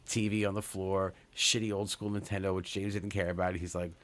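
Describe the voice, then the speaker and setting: There's background noise as this man, in his forties and from Long Island, New York, tells a crude, rambling story on a comedy podcast he co-hosts, restarting often and leaning on fillers. He speaks briskly in a low, level voice.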